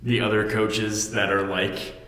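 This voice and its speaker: A man's voice: on the low side, level tone, measured pace, fairly bright tone. A man co-hosting a casual movie chat, picking apart a film with sarcastic, opinionated commentary. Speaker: podcast co-host. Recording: echoey room with long reverb.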